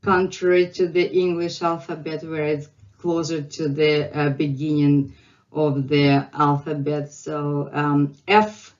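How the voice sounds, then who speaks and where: A woman's voice: low-pitched, level tone, slow pace, darkish tone, highs cut off. A woman with a Russian accent teaching the alphabet, patiently repeating each sound many times. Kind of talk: slow alphabet lesson with drilled repetitions.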